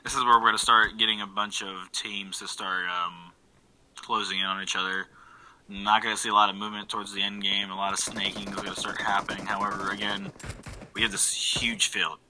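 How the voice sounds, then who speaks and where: A man giving relaxed play-by-play commentary on an online game match, full of fillers and quick self-corrections. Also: fairly low pitch, poor audio. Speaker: esports caster.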